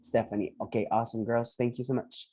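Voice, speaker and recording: A man teaching English pronunciation on a video call, patiently repeating each word slowly for his students. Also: medium pitch, flat delivery, warm tone. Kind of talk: online pronunciation lesson.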